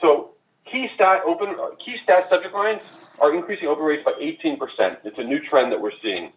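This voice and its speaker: A man giving a marketing presentation at a conference, talking fast and addressing the audience directly. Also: a little high, animated. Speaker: conference speaker. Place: conference room. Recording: echoey and distant from the mic.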